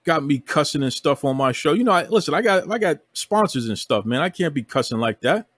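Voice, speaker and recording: A man's voice: on the high side, expressive, a little fast, fairly bright tone, dry recording, studio quality. A man hosting a wrestling podcast, ranting with heavy emphasis and calling people out by repeating himself. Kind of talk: heated podcast rant. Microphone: remote podcast recording.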